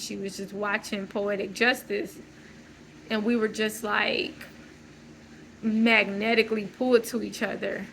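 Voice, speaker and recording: A woman's voice: mid-range voice, vocal fry, bright, forceful tone, slight background noise, poor audio. A woman talking through a loose, searching personal monologue, full of fillers and restarts. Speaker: channel host.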